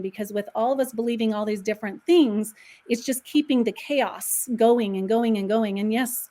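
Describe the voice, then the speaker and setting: A woman guest on a podcast, telling stories in an animated way. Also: medium pitch. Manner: animated storyteller. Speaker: guest numerologist. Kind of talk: podcast conversation.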